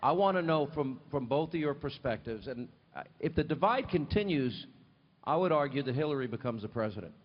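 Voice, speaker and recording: A man's voice: mid-range voice, expressive, fairly quick. A man hosting a live televised interview, asking long, emphatic questions with frequent restarts. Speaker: TV host. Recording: muffled live mic with hall reverb.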